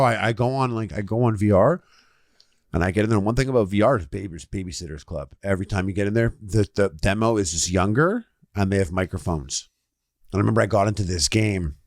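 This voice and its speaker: Man, podcast co-host, casual chat, lowish voice, dry close mic, animated, loud shouted quotes. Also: no echo. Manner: animated storyteller, loud playful shouts when quoting himself.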